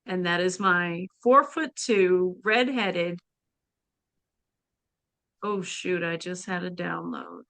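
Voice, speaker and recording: Woman on a podcast telling her story slow and earnest, kinda halting, bright tone. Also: lowish voice, vocal fry, no room sound. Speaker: guest, spiritual practitioner. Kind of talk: personal storytelling in a podcast interview.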